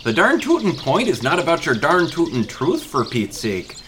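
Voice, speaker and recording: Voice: medium pitch, huge pitch swings, moderate pace, background noise. Someone playing a folksy Minnesota mother. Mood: exasperated. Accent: Upper Midwest. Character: folksy Minnesota mother, defensive then remorseful.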